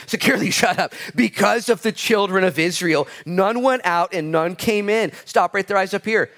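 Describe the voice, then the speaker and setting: A man preaching a sermon in church, shifting from loud exclamations to quiet asides and telling stories with humor. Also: mid-range voice. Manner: storytelling with humor and laughter. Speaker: pastor.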